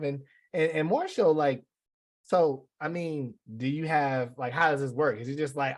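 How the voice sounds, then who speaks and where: Man with a slightly high voice, rambling. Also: expressive, moderate pace, a bit bright. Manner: rambling, self-correcting, chuckling. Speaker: podcast co-host. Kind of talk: casual podcast banter.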